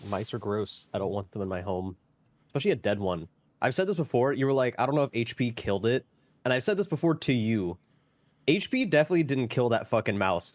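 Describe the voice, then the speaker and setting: A man's voice: medium pitch, no room sound. A man chatting on stream as a co-host, blunt and swearing, breaking into laughter. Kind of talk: casual stream chat.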